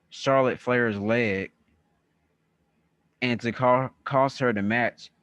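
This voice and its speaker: Male podcast host, unhurried rambling recap, dull dry recording. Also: fairly low pitch, no room sound. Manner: slow, rambling recap with many fillers. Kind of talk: casual show recap chat.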